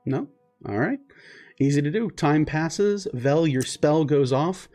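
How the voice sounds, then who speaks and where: A man narrating as game master in a relaxed, loose way with frequent fillers. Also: a little high, slow pace, faint music behind.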